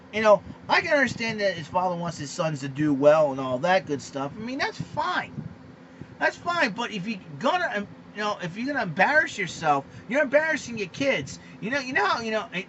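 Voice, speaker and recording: A man hosting a podcast, ranting about sports in an excitable, indignant way, repeating himself with lots of fillers. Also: high voice, muffled recording, slight background noise. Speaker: podcast host. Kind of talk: ranting sports commentary monologue.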